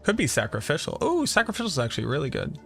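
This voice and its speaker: A man's voice: on the high side, huge pitch swings, rapid-fire, vocal fry, faint music behind. A man from the Boston area streaming a game, thinking aloud and chatting with viewers as he plays. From Boston area, USA. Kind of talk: live-stream gameplay commentary.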